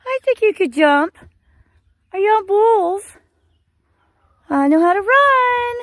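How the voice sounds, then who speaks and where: Woman sweet-talking cows by a fence, real high voice, slow and drawn out. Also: lively intonation, dry recording, studio quality. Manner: coaxing, sing-song calling to animals. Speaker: vlogger. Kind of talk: casual vlog, talking to cattle. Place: outdoors by a cattle fence on a farm.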